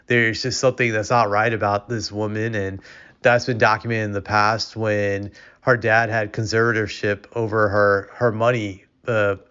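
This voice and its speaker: A man's voice: on the low side, flat delivery, moderate pace, fairly bright tone, clear, resonant tone. A man giving casual, opinionated commentary as a vlogger, rambling with frequent restarts. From United States. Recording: dull lo-fi recording.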